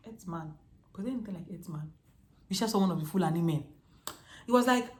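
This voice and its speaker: A woman's voice: fairly low pitch, quick pace. Chatty Nigerian woman in echoey room. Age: 20s. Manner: lively, chatty storytelling with slang. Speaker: vlogger. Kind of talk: storytime vlog.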